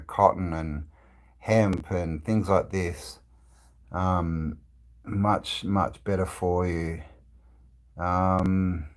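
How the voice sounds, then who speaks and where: While travelling, a man with a very low voice hosts a casual indoor livestream, responding to viewer comments as they arrive. He rambles at an easy pace, trailing off and restarting sentences amid plenty of fillers.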